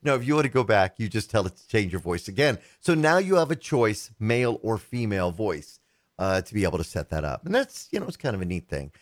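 Lively, chatty male tech co-host. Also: on the low side, quick pace, no echo, studio quality. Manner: chatty, laughs easily, teasing. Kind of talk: casual podcast chat.

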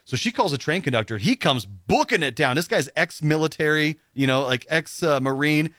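A man's voice: fairly high pitch, lively intonation, fairly quick, a bit bright, no room sound, studio quality. A man telling a long story in casual conversation, rambling with many fillers and acting out what other people said. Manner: rambling, full of "you know" and "like" fillers.

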